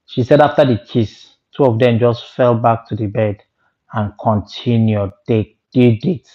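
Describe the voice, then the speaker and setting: A man vlogger telling a story in an animated, exclaiming way and moralizing to his viewers. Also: mid-range voice, moderate pace, muffled recording. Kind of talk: storytelling monologue.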